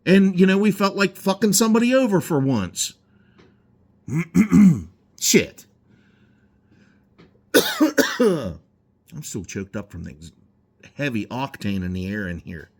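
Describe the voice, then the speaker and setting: Man, profane ranting garage vlogger, higher voice that swings up and down a lot. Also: huge pitch swings, takes it slowly, pauses often, darkish tone. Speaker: garage owner. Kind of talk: rambling vlog monologue. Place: indoor garage.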